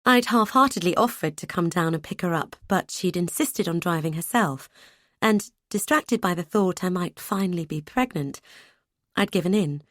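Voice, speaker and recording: A woman narrating a first-person audiobook in a measured way, with lively dialogue. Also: on the low side, no echo, clean studio sound.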